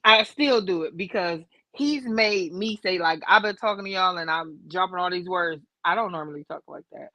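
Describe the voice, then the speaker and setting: A woman telling stories in an animated, slangy way on a livestream panel, acting out what people said. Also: fairly low pitch, no room sound. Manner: animated, slangy, acts out her quotes. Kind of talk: casual storytelling chat. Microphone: remote call mic.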